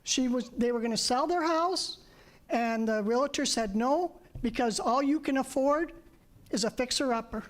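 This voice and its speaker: Woman at a town hall mic, higher voice, pleading and close to tears. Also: moderate pace. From North Dakota. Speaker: audience member asking a question.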